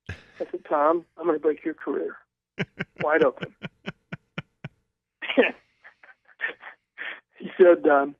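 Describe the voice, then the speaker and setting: An older man calls in as a guest, spinning animated anecdotes and tripping over his own restarts. His voice sits a little high, and it comes through a narrow, tinny phone line with no room sound. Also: drawn-out words, pauses often, no room sound. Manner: animated storyteller, stumbling restarts. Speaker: guest author. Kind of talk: storytelling in a phone interview. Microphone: telephone.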